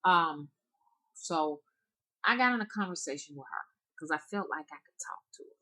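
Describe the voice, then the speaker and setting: A woman spiritual reader softly and hesitantly telling her viewers a story, with frequent restarts. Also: low voice, expressive, moderate pace, poor audio. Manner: soft-spoken, hesitant, with restarts.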